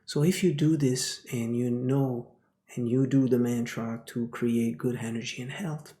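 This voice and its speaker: A man's voice: mid-range voice, fairly even intonation, unhurried, warm tone. A man giving a spiritual teaching talk, dropping into whispers and repeating phrases like a chant. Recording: roomy echo.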